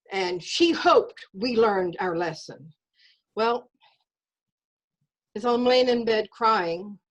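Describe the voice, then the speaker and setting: A woman telling a personal story in an earnest, measured way over a video call. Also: mid-range voice, low-quality recording.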